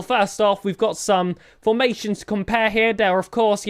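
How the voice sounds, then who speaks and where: A man, casting an esports match preview in an upbeat, chatty manner. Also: on the high side. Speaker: esports caster.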